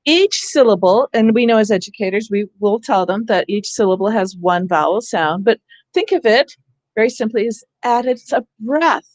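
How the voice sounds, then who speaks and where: A woman leading an online teacher workshop over a video call, animated and demonstrating sounds herself. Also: medium pitch, normal speed, no echo. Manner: animated, acts out calling for help. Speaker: teacher trainer.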